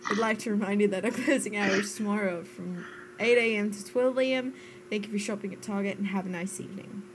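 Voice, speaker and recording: A woman streamer voicing a polite female store announcer with a put-on New Zealand accent, speaking slowly and carefully. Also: mid-range voice, background noise, lightly acted. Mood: formal. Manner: slow, careful, half-giggling delivery.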